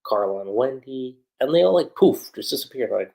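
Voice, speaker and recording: A man hosting a livestream, recapping an anime episode in a chatty, animated way, with lots of fillers. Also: lowish voice, moderate pace, vocal fry, rough recording. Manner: animated retelling with frequent fillers. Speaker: anime reviewer.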